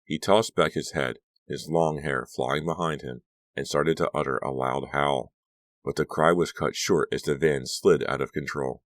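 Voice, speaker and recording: A man narrating a suspense audiobook with measured, dramatic storytelling. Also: extremely low pitch, steady tone, dry recording. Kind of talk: scripted narration.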